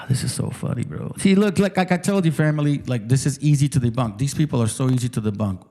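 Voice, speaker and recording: Man, channel host, heated rant, profane and mocking, mellow dark tone. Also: mid-range voice, brisk. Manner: repeats words for emphasis. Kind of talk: heated casual rant to viewers.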